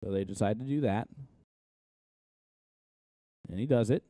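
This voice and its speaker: A man's voice: on the low side, measured pace, mellow, no room sound, clean studio sound. A man from Indiana with an Indiana accent giving casual, analytical play-by-play commentary on a live darts match.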